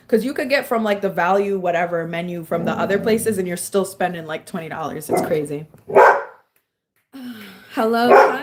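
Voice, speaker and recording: A woman chatting casually on a live stream at home, answering her viewers and scolding her dog between remarks. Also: medium pitch. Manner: chatty, reads and answers chat. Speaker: livestreamer.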